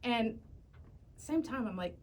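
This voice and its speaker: Animated woman telling a story on radio. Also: a little high, slow, slight background noise. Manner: animated, lively storyteller, laughs while telling. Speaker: radio station graphic designer, guest. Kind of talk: casual radio talk-show storytelling. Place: radio studio.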